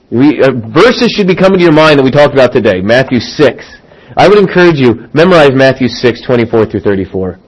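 A middle-aged man preaching a sermon as a pastor, acting out quoted voices and swinging from loud emphasis to hushed asides. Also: medium pitch, sing-song, brisk, poor audio.

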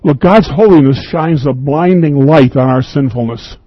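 A man's voice: a little high, normal speed, dry recording, highs cut off. A man preaching an earnest, emphatic radio sermon, reading scripture and quoting at length.

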